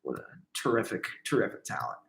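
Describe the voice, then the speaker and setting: A man's voice: fairly low pitch, very animated, fast, gravelly, fairly bright tone. A young man telling jokes in a casual chat, laughing along and swearing freely. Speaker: interviewer. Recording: echoey room.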